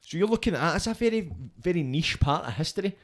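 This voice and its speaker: A man's voice: high voice, lively intonation, fast. A man hosting a podcast, chatting in a loose, rambling way. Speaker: podcast host. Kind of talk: casual podcast interview.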